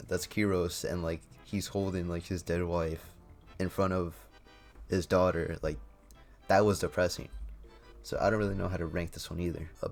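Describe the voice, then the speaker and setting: A man with a deep, low voice talks through a casual tier list. He rambles in slangy, offhand phrases and keeps restarting to fix his wording. Faint music plays softly underneath. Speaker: YouTuber ranking anime items.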